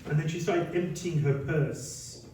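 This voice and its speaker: A man, a monk, telling lively stories in a talk and acting out what people said. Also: on the high side, unhurried, a little hiss or hum. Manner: lively anecdotal storytelling, acts out quotes. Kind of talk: storytelling talk. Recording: very echoey hall, mic at a distance.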